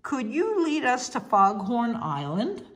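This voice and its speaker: A woman voicing a calm, pipe-chewing old seafaring uncle in a storybook reading. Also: on the high side, slow pace, voice pushed up, exaggerated voice. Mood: steady.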